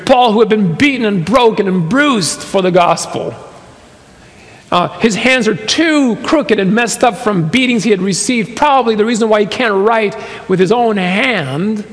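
A man's voice: high voice, measured pace. A man preaching a sermon with dry humor, building to emphatic quoted lines. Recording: long hall reverb.

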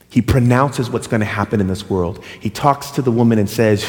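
A male pastor preaching an animated sermon, telling stories and doing voices. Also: medium pitch, a little fast, hardly any pauses. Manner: animated, storytelling, with voices and asides. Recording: long hall reverb.

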